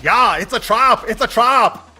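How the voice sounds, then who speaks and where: A man voicing an eccentric older head monk with a put-on German accent, loud and cheerfully insistent. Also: very high-pitched, expressive, measured pace, faint music behind, pitched above the performer's own voice, heavily acted.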